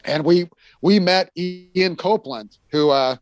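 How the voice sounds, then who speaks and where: A man's voice: sits high, a little slow, no echo. A middle-aged American man telling rambling tour stories in a casual chat, full of fillers and restarts, sometimes acting out the people he quotes.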